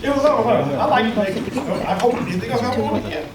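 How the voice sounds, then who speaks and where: A man's voice: very high voice, animated, fairly quick, a loud crowd. A man leading a workshop, lecturing a live audience in an emphatic, preacher-like way with call-and-response and mocking asides. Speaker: workshop leader and speaker. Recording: echoey room, mic far off.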